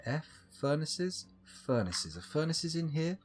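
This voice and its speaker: A man's voice: mid-range voice, big pitch swings, moderate pace, faint music behind. A man rambling through live gameplay commentary, talking to himself with self-mocking asides. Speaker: game streamer.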